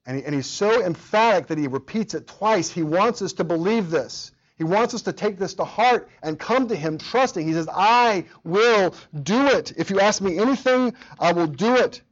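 A man's voice: sits high, lively intonation, brisk, hardly any pauses, lo-fi sound. A man preaching a sermon as pastor, earnest, often repeating words and acting out quoted prayers.

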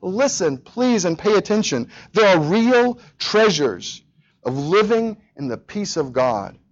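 A pastor preaching a sermon, talking straight to the congregation and to the children, in a lively, animated way. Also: male voice, high-pitched, slow pace, lo-fi sound. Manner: animated, speaks directly to children.

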